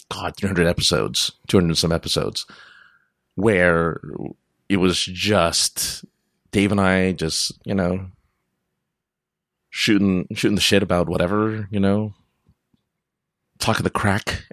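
A man's voice: sits low, steady tone, unhurried, long pauses, dry recording, clean studio sound. A man hosting a podcast in a casual, rambling monologue, going off on tangents and laughing often. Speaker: podcast host.

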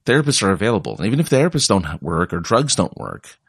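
A man's voice: low-pitched, huge pitch swings, quick pace, slightly rough, no echo, studio quality. A young man talking casually in a rambling way and mocking other people's voices when he quotes them. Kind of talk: casual monologue.

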